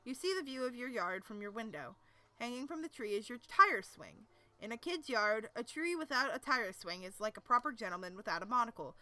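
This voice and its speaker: A woman's voice: on the high side, animated, fairly quick, bright, forceful tone. A woman reading a webcomic aloud on a live stream, with casual, self-deprecating asides and stumbling over words.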